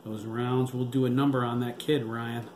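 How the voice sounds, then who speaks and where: A man's voice: mid-range voice, little pitch movement, moderate pace, close to an everyday voice. A man playing a harsh male officer who speaks curtly in a crisis. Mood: tense. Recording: roomy with faint hiss.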